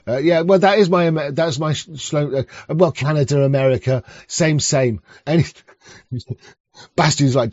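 A man's voice: mid-range voice, moderate pace, a little mellow, no room sound, muffled recording. A man hosting a livestream in casual, crude, rambling chat. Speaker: livestream host.

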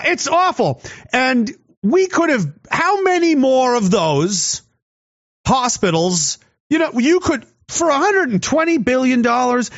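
A man's voice: very high-pitched, a bit bright. A man in a heated, profane, sarcastic political rant. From Canada. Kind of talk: angry political rant to camera. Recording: dull lo-fi audio.

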